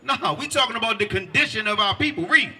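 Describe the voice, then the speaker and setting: Bright high-voiced man preaching forcefully. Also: expressive, quick pace, slightly rough. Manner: forceful, quizzes listeners with pointed questions. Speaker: street preacher. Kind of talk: outdoor street preaching.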